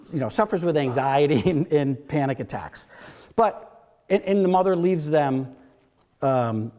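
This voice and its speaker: A man's voice: medium pitch, warm tone. A man in his fifties giving a casual, rambling storytelling talk at a library event, full of asides and acted-out quotes. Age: 50s. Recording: long hall reverb.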